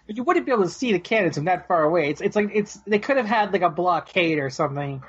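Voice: mid-range voice, expressive, fast talker, husky, lo-fi sound. A podcast co-host in casual banter, blunt and emphatic, swearing freely.

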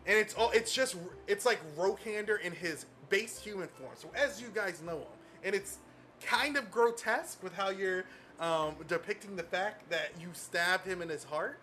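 A man's voice: sits high, moderate pace, pushed and bright. A man narrating as game master in a tabletop game, describing scenes casually with many fillers.

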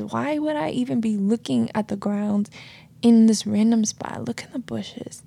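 Earnest woman with a gravelly, husky voice. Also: fairly high pitch, mellow. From United States. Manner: casual, earnest, storytelling with many "like" and "you know". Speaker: podcast host. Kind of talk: reflective solo podcast talk. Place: New York City.

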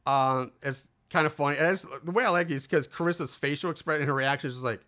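This podcast co-host talks fast in a slightly high, bright, forceful voice. He casually recaps a film's plot, rambling with plenty of fillers and acting out the characters' lines.

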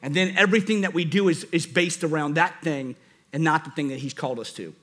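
A man with a New Orleans accent preaching an impassioned sermon that swings from near-shouts to soft tones. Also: on the high side, brisk.

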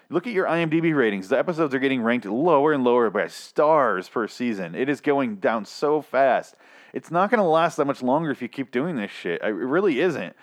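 Profane, sarcastic man ranting casually. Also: mid-range voice. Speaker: podcast host reviewing TV.

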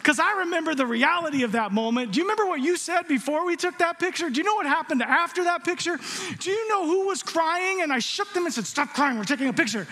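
A middle-aged man preaching a sermon as pastor, an animated storyteller who mixes jokes with rhetorical questions. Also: very high voice, fast talker. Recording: long hall reverb.

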